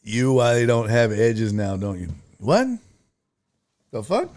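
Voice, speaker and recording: A man's voice: mid-range voice, takes it slowly, pauses often. A middle-aged man hosting a casual sports talk stream, chatting with viewers in a profane, jokey way. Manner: profane, animated, jokey, slips into mock voices. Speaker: sports talk show host. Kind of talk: casual live-stream chat, reading viewer comments.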